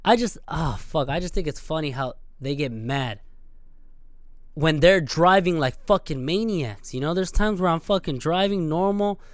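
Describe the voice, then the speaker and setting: A young man rants into a close mic on his podcast, cursing and dramatizing road encounters with sudden loud bursts. His voice sits a little high and comes through smooth and clear. The sound is dry, with no room around it. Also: moderate pace, dry recording. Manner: animated, swearing, acts out scenes with sudden loud outbursts. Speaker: podcast host. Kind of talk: profane solo rant.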